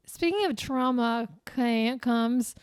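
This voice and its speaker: High-voiced young woman teasing her co-host. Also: takes it slowly, smooth, no room sound, clean studio sound. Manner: teasing, crude jokes. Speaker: podcast co-host. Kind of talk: casual podcast chat.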